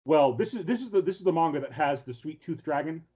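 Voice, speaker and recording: A man's voice: on the high side, animated, fast, warm tone, breathy edge. A man co-hosting a casual podcast, rambling as he retells anime and manga scenes, full of fillers and acted-out lines. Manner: rambling storyteller, acts out character lines with many fillers. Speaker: podcast co-host.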